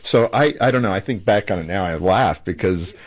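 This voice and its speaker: A man hosting a talk show, telling stories in an animated way and laughing easily. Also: low-pitched, fairly quick. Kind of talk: casual interview chat.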